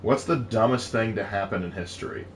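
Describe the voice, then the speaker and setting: A man's voice: lowish voice, brisk, reverberant, slight background noise. A man co-hosting a casual livestream, reading viewer questions aloud and joking with stammering restarts.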